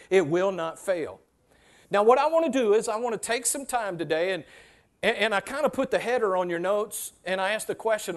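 High-voiced man preaching a sermon. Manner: conversational preaching, repeats key phrases, acts out everyday voices. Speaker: pastor. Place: church sanctuary with a congregation.

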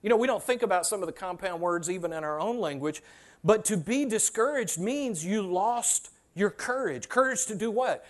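In a church sanctuary, a pastor with a high voice preaches a sermon in a conversational style, repeating key phrases for emphasis. His intonation is lively and his pace moderate, and he slips into everyday voices to act out what people say.

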